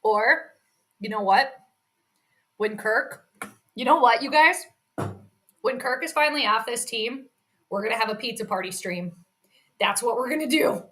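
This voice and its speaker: A woman's voice: on the high side, moderate pace, pauses often, a bit bright. A woman giving casual live play-by-play commentary on a stream, chatty and reacting to each play while talking with her chat.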